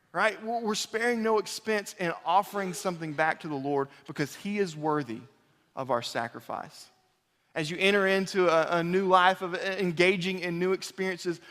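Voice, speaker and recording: A male preacher delivers a sermon in a fairly high voice, his words ringing through a long hall reverb. He speaks earnestly, rising to emphatic repeated phrases and then falling back to a quiet, intimate tone. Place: large church sanctuary.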